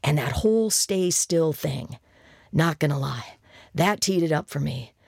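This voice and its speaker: A reader voicing a once-shy young man who now gushes about a date in an audiobook, in a gravelly, conspiratorial manner. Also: on the high side, animated, measured pace, darkish tone, no room sound, clean studio sound, heavily acted. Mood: gushing. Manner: hesitant then gushing, conspiratorial. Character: shy young man turned chatty boaster. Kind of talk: audiobook character voice.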